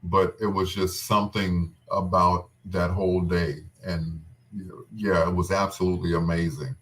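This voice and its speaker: A man fondly recalling a wedding in casual, heartfelt talk. He is tearful and halting, full of restarts and trailing pauses. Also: deep voice, little pitch movement, a bit bright. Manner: tender and tearful.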